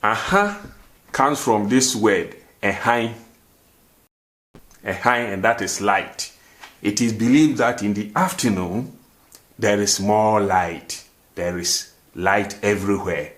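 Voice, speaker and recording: This show host teaches a language lesson in a low, slightly bright voice, taking it slowly. He repeats phrases over and over and keeps posing rhetorical "what?" questions before supplying the answers.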